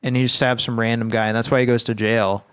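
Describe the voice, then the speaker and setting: A man's voice: medium pitch, level tone, fast talker, fairly bright tone, clean tone. A man co-hosting a podcast, casually recapping a film in a rambling, profane, laid-back way. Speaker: podcast co-host.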